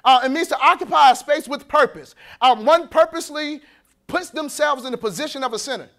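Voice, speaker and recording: A male pastor preaching an animated, colloquial sermon, acting out the voices he quotes and laughing between points. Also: very high voice, brisk. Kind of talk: sermon at a men's conference.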